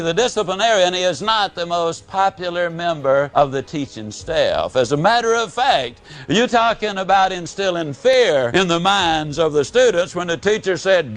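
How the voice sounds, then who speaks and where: A man giving a motivational speech to an audience, telling stories with dramatic pauses and big drops in pitch and volume. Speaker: motivational speaker.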